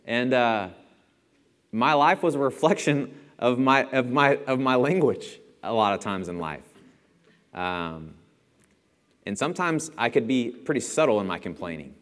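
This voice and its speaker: A man's voice: mid-range voice, expressive, unhurried, fairly bright tone. A young man giving a casual, storytelling sermon in a church, chatty and self-deprecating and chuckling often. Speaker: church speaker. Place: church auditorium. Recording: long hall reverb.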